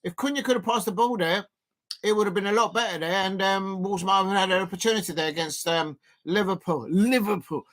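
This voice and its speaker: A man streaming a live football watch-along, chatting loosely with lots of fillers and sudden bursts of excitement. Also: sits high, fast talker. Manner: rambling, filler-heavy, bursts of excitement at chances.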